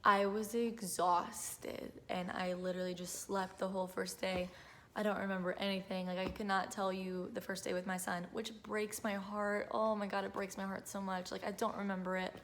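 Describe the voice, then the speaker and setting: A woman's voice: mid-range voice, flat delivery, moderate pace. Chatty young woman vlogger. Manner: chatty, lots of "like" and "um", emotional. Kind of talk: casual storytelling to camera.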